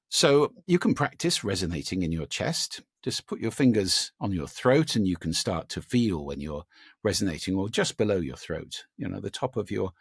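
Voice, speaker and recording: A man being interviewed about voice and listening, talking in an animated, demonstrative way and trying out vocal examples as he explains. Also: lowish voice, dry recording, studio quality. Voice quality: gravelly, husky. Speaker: guest, speaker on voice and listening.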